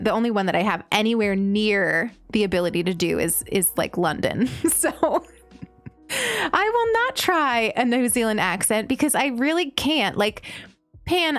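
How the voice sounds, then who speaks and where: A young woman with an American accent chats away as she streams, her fairly high voice leaping up and down as she giggles through stories. The sound is close and dry, with faint game music in the background. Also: moderate pace, no echo. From United States. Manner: chatty, giggly, animated storytelling. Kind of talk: casual chat while gaming, reading chat.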